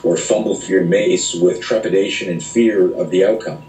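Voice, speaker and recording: Middle-aged male instructor, low voice, blunt animated storyteller who swears freely; echoey room, slight hiss. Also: moderate pace. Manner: animated, profane, acts out quoted voices. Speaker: self-defense instructor, interview guest. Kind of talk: casual interview storytelling. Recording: roomy echo, speaker off-mic, faint noise.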